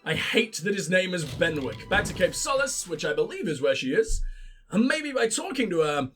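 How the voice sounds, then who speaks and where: A man hosting a let's play and commenting on the game in a sarcastic, sweary, excitable way. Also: high voice, normal speed, breathy edge, faint music behind. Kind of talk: gameplay commentary.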